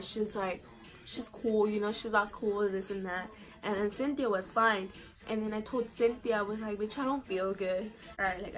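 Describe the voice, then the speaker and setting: A young woman chats through a casual storytime, peppering it with slang, curses and endless 'like'. Her voice sits at an ordinary middle pitch, with soft music playing faintly underneath. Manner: slangy, profane, fillers of 'like'. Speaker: vlogger.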